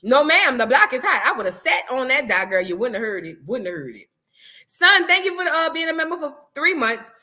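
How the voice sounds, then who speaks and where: Speaking fairly quickly in a high-pitched voice with big pitch swings and a bright, forceful tone, a woman hosts a casual livestream. She's sassy and talkative, reading super chats, thanking viewers and calling them "girl" and "boo."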